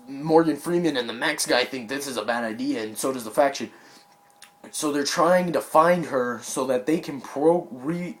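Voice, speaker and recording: A young man talking through a movie's plot in a loose, scattered way. He piles up fillers and restarts, and he breaks off with quick apologies. His voice sits at an everyday middle pitch. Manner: excitable, apologetic asides. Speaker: movie reviewer. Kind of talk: casual spoken movie recap.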